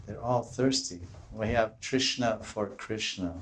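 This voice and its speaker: A man's voice: on the low side, measured pace, a little hiss or hum. A man giving a devotional lecture on scripture. He often restarts and searches for words, and he rises into pleading voices when he quotes the devotees in his stories.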